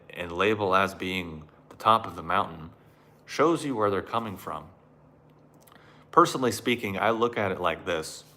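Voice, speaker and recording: A man's voice: sits low, pushed and bright. A man giving a sardonic monologue on spirituality and self-help, mocking it and acting out the voices he quotes.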